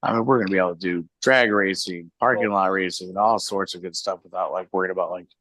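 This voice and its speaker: A man with a fairly low voice chats casually as a guest on a live stream, wandering through his stories and laughing at them as he goes. The sound is dry and close, with no room around it. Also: steady tone, fast talker, fairly bright tone, no room sound. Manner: rambling, laughing storyteller. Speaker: guest, hobby shop owner.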